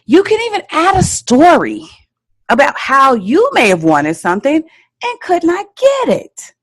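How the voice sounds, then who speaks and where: Emphatic woman parenting coach, lively pitch. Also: unhurried. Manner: emphatic, repeats key points with frequent "okay?" check-ins. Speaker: parenting coach and podcast host. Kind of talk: instructional podcast advice.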